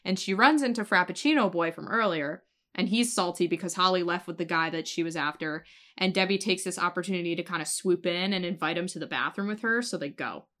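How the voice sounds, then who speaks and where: A woman's voice: lowish voice, fairly quick. A woman co-hosting a podcast, chatting casually as she recaps a TV episode and acts out the characters' lines. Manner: animated recapping with acted-out quotes. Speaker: podcast co-host.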